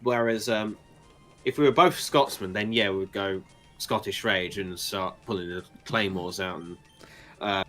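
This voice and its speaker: An English man banters through a game stream, rambling and joking. His voice is fairly low yet bright and sharp, with a lively melody. Faint game music runs underneath. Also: unhurried. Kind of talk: casual chat while streaming a game.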